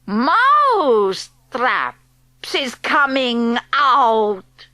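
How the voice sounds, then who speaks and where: A woman voicing the Grand High Witch, an imperious and cruel old witch who speaks slowly with mangled foreign-sounding grammar in an audiobook. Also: sing-song, a bit bright, dry recording, full character voice. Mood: gloating. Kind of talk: audiobook character reading.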